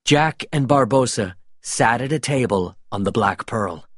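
A man reading a storybook aloud in a calm, measured way, with a husky voice. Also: mid-range voice, no room sound, studio quality. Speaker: reader of a story. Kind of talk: scripted storybook narration.

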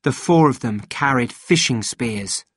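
A man reading a novel aloud in measured, steady scripted narration. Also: mid-range voice, no room sound, clean studio sound. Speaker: audiobook reader.

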